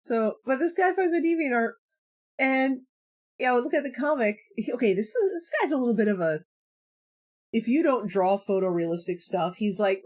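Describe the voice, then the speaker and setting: A woman in her forties chatting casually on a live stream, telling stories in an animated way and laughing often. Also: fairly high pitch, moderate pace. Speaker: streamer and comic artist.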